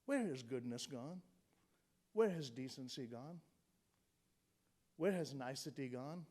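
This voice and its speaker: A man's voice: mid-range voice, lively intonation, slow, warm tone. A man in his sixties from India, giving a humorous motivational speech with punchy jokes and rhetorical questions. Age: 60s. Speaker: motivational speaker.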